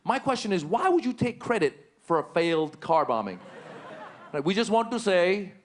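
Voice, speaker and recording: A middle-aged man performs stand-up on a theater stage through a handheld mic. His voice sits a little high for a man, and he talks in an animated, lively way, often jumping into loud, high-pitched bits to sell a joke. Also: moderate pace, slight background noise. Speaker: stand-up comedian. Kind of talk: stand-up comedy set. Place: large theater stage with a live audience.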